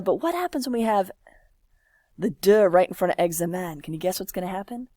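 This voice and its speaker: A woman's voice: lowish voice, lively intonation, mellow, no echo, clean studio sound. A woman teaching a French lesson, patiently walking a class through examples while typing and encouraging answers. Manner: patient, encouraging, slow and drawn-out.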